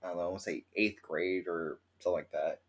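A man co-hosting a casual podcast, telling stories in an animated way and acting out the quotes. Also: low voice, quick pace. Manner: animated storyteller who acts out quotes. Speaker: podcast co-host.

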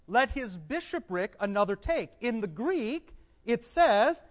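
Captured in a dull, echoey hall, an animated Bible teacher with a medium-pitched voice gives a class to a live group. He reads scripture out slowly, explains it, and quizzes the room, then answers the questions himself.

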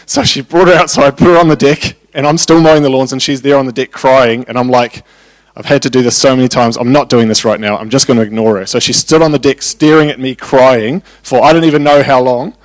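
A man preaching a sermon, telling family stories in an animated, anecdotal way. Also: medium pitch, fairly quick, no echo. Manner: anecdotal, animated when retelling family scenes.

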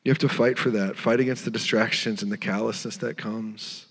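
A man preaching a sermon as pastor, earnest and tender, sometimes dropping to a hushed voice. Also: on the low side, steady tone, brisk, breathy edge, in a large hall. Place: church sanctuary.

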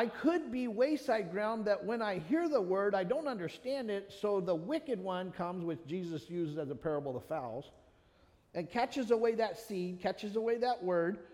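A man's voice: high-pitched, darkish tone, big-room sound. A man preaching an earnest sermon, reading scripture aloud and speaking directly to listeners by name. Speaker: pastor.

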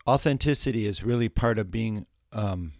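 A man co-hosting a podcast, talking in a reflective, measured way. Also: fairly low pitch, darkish tone, no room sound, studio quality. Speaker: podcast co-host. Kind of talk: casual discussion.

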